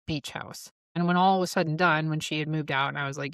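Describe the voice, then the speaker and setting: A woman in her forties with a deep, smooth voice hosts a solo podcast, speaking at a moderate pace on a studio mic with studio-quality sound and no echo. She tells her story candidly and with profanity, laughing often as she talks and flaring into heated outbursts.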